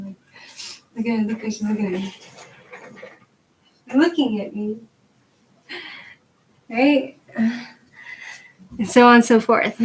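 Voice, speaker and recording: On a low-quality recording with a little hiss or hum, a woman whose voice sits on the high side chats on her video channel. The tarot channel host is at home with her dog, showing yoga moves and getting a little breathless as she goes. She rambles, laughs frequently, and says "like" a lot.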